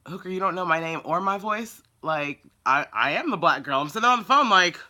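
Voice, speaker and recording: Blunt, exasperated woman vlogger telling a story. Sharp, bright tone. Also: on the low side, lively intonation, fairly quick, hardly any pauses. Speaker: dog groomer. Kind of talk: casual storytelling vlog.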